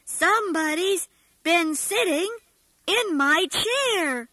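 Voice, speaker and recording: A big gruff father bear, as a woman storyteller puts him on, growls his lines loud and slow. The voice stays bright and high underneath the growl. It sounds like a storybook reading. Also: animated, dry recording, heavily acted.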